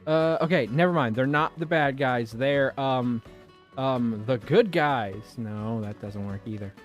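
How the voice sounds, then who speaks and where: A man's voice: mid-range voice, unhurried, faint music behind. A man streaming a video game, talking casually to his viewers in a rambling, self-mocking way and swearing freely. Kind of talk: casual let's-play commentary.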